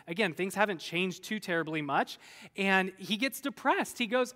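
Animated preacher in an echoing hall. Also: male voice, high voice, normal speed. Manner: animated storyteller, acts out voices of biblical figures. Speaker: pastor. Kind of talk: sermon.

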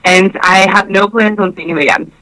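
A woman in casual podcast chat, loud and profane, retelling a date with many fillers and acting out both sides of the conversation. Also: medium pitch, brisk, rough recording. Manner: animated storytelling that acts out both sides of a conversation.

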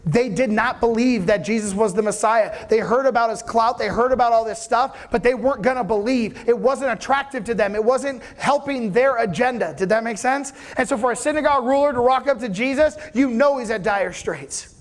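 A man's voice: very high voice, brisk, hardly any pauses. A man preaching a sermon, telling the story animatedly with casual slang.

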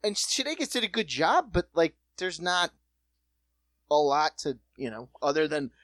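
A relaxed co-host at a middling pitch, chiming in with quick agreement during a loose political chat. The voice is recorded close and dry, with no room sound. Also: no room sound.

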